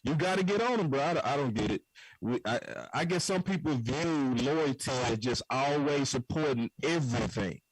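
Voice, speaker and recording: A man's voice: mid-range voice, moderate pace, slightly rough, no echo, rough recording. A man co-hosting a sports stream, talking in an easygoing slangy way. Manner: relaxed, agreeing, slangy. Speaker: podcast co-host. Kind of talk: casual sports chat.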